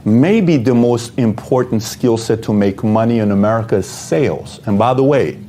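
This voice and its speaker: A man with a mellow, relaxed tone lays out his case plainly, throwing rhetorical questions straight at the listener. A faint hum of noise sits behind his voice. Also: mid-range voice, moderate pace. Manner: direct, rhetorical questions to the viewer. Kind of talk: motivational talk.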